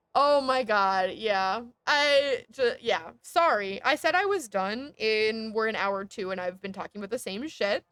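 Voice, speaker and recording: A woman streamer in casual, heated chat while gaming, animated and sweary, breaking into laughs. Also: fairly high pitch, unhurried, clean tone, dry recording.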